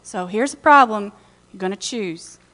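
A woman pastor giving a conversational sermon, retelling scripture with lively asides in a church. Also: medium pitch, moderate pace, in a large hall.

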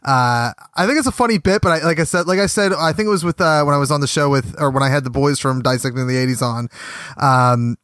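A man's voice: mid-range voice, quick pace, a bit bright, no room sound, clean studio sound. A man hosting a casual podcast chat, rambling along with lots of fillers and restarts. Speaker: podcast host.

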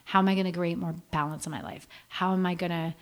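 A woman's voice: fairly low pitch, fairly even intonation, fast. A middle-aged woman telling her story frankly on a podcast, acting out quotes as she goes. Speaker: podcast guest. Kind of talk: candid podcast conversation.

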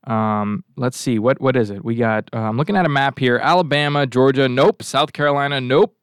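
A man's voice: mid-range voice, a little fast, clear, resonant tone, no room sound, clean studio sound. A male talk show host giving a rambling, sarcastic commentary monologue and throwing asides to his crew. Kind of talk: casual political commentary monologue.

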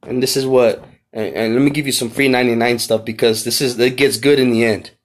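Male podcast preacher, mid-pitched, impassioned, repeats lines for emphasis. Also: fairly even intonation, a little fast. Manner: impassioned, rising to near shouts when reading scripture. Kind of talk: podcast sermon.

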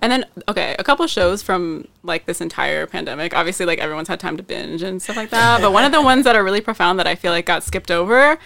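A woman's voice: fairly low pitch, expressive, fast talker, creaky, few pauses, pushed and bright, no room sound. A woman co-hosting a podcast, chatting casually and enthusiastically with lots of "like". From DC, Maryland, Virginia area. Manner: enthusiastic, filler-heavy "like". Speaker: podcast co-host. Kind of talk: casual chat.

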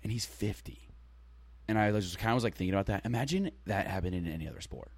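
A young man co-hosting a casual podcast, joking and laughing, sometimes breaking into loud chants. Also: fairly low pitch, quick pace, no room sound. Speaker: podcast co-host. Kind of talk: casual chat.

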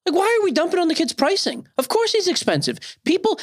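A man's voice: very high voice, sing-song, fast. A man in his thirties co-hosting a podcast, ranting and opinionated in casual chat. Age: 30s. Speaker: podcast co-host.

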